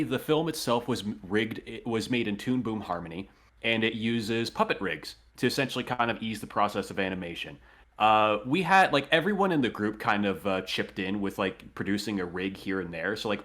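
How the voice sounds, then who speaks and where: A man's voice: fairly low pitch, expressive, a little fast, a bit bright. A young man, an animator, talking eagerly in a casual interview, with lots of filler words. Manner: enthusiastic, chatty with filler words. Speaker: animator, rigging lead. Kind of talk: casual video-call interview.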